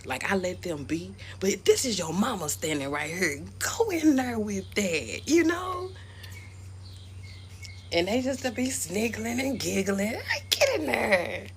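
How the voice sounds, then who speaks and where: Animated, laughing woman telling home stories. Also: mid-range voice, a little hiss or hum. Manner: animated storytelling, laughing often. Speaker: vlogger and parent. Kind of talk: casual chat to camera.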